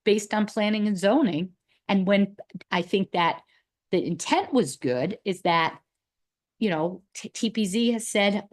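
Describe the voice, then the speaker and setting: A woman's voice: medium pitch, animated, normal speed. A woman speaking at a town committee meeting, thinking aloud in long, looping sentences with restarts. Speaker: committee member. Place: meeting room.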